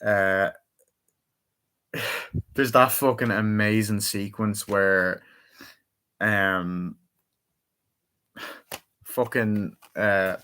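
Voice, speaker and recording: A man's voice: fairly low pitch, fairly even intonation, drawn-out words, pauses often, bright, forceful tone, clear, resonant tone. A young man chatting casually through a movie review, rambling and swearing freely as he retells favorite scenes.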